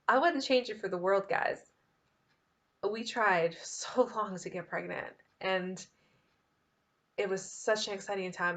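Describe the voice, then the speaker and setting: A woman's voice: mid-range voice, normal speed, pauses often, fairly bright tone. A woman in her thirties telling a personal story to the camera in a candid, chatty way, laughing now and then. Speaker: vlogger.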